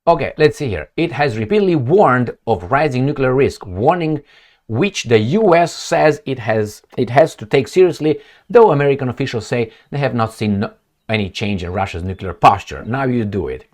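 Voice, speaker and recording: A male commentator speaking off the cuff in a lively, animated way, with his pitch swinging widely. He peppers his points with rhetorical questions and sarcasm. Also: moderate pace. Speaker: political commentator. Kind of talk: casual opinion commentary.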